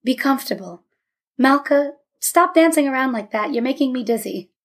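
A woman voicing a father with a dry, gently teasing manner in a storybook reading. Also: high-pitched, lively intonation, moderate pace. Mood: wry. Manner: wry, teasing.

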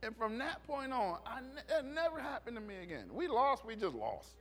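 A man's voice: very high-pitched, normal speed, soft background music. A middle-aged male pastor preaching a sermon, telling stories and acting out the voices of the people in them. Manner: animated storytelling, acts out voices.

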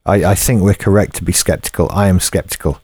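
A man co-hosting a casual gaming news podcast, speaking in a measured, somewhat hesitant way. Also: sits low, fairly even intonation, darkish tone, husky, no room sound, studio quality. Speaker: podcast co-host.

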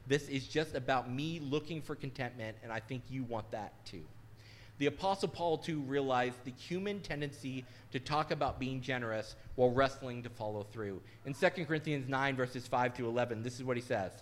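A man's voice: medium pitch, a little fast. Candid middle-aged male pastor preaching. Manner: candid, conversational, self-deprecating. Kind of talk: sermon.

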